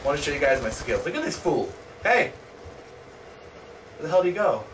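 A man hosting live gameplay commentary, excitable, swearing and yelling at opponents. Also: on the high side, racing. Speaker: gaming channel host. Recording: distant mic, noisy background.

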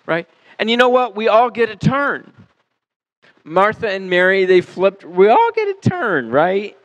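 A male pastor preaching a sermon in a church, animated and conversational, acting out the people he quotes and asking his listeners questions. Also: high-pitched, measured pace, low-quality recording. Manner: animated, acts out quoted voices, asks the congregation questions. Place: church sanctuary.

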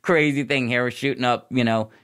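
A man's voice: medium pitch, fairly even intonation, fairly quick, fairly bright tone, clear, resonant tone. A man recounting his past in a candid, tumbling way as a podcast guest. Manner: candid, tumbling run-on storytelling. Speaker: podcast guest, former nurse. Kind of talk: personal recovery story in a podcast interview.

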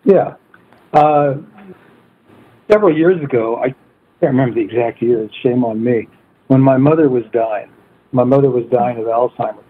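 A man with a husky voice, a coauthor guest, tells a personal story at a steady pace with many "uh" fillers. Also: medium pitch, normal speed, pauses often. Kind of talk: storytelling in an interview. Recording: tinny phone line.

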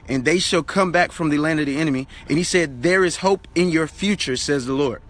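A man's voice: high-pitched, fairly bright tone. A man giving an urgent, repetitive motivational Bible talk as an online preacher, urging viewers to keep working.

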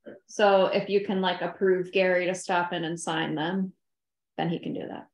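A woman's voice: lowish voice, steady tone, moderate pace. A woman town clerk at a meeting, practically explaining procedure step by step. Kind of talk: casual meeting talk. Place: town office meeting room. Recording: roomy meeting-room sound.

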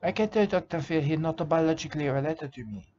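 A man playing a rambling, drunk bushman who talks in halting broken English, full of "uh" and repeated phrases, in an improvised comedic monologue, on a slightly dull lo-fi recording with faint hiss. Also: fairly high pitch, a little mellow, natural voice. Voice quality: broken grammar, calls listener "mate". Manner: halting, lots of "uh" and repeated "I can tell you".

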